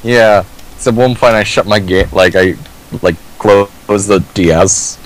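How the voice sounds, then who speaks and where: A man's voice: fairly low pitch, a little slow, low-quality recording. A man joining a friend's gameplay session as co-commentator, trading crude, joking banter. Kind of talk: casual gaming chat.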